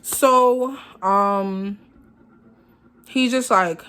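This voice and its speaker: A woman's voice: mid-range voice, very slow, long pauses, fairly bright tone, smooth. A young woman vlogger telling a storytime in a sassy, dramatic way, acting out both sides of the conversation.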